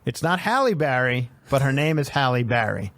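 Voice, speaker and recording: A man's voice: mid-range voice, sing-song, brisk, a bit bright, dry recording. A man hosting a comedy podcast in a casual, profane rant, riffing and stumbling over names. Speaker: podcast host.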